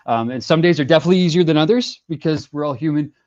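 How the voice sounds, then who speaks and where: A man's voice: a little high, fast. Earnest man telling his story over lo-fi audio. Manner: earnest, animated storytelling with many fillers. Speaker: singer-songwriter guest. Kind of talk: casual interview talk.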